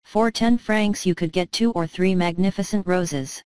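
A woman's voice: lowish voice, moderate pace, darkish tone, smooth, no echo, natural voice. A woman voicing a meek male clerk husband in a storybook reading, stammering and anxious to please.

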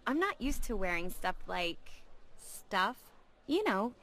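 A woman voicing a prim, snooty high school girl in a game, lively and haughty. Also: slow pace, slight background noise, heavily acted.

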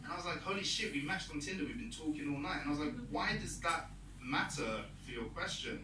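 A man's voice: on the high side, expressive, fast talker, noisy background. A young British man doing a stand-up comedy set, rambling and self-mocking, acting out quoted dialogue. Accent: British English. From Britain. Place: comedy club stage. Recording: roomy club sound from a distance. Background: audience laughter.

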